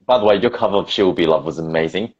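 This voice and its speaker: Aussie host guy, low husky voice, chill and encouraging, dull lo-fi audio. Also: racing. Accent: Australian. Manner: relaxed, encouraging, laughs easily. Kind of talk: casual interview chat.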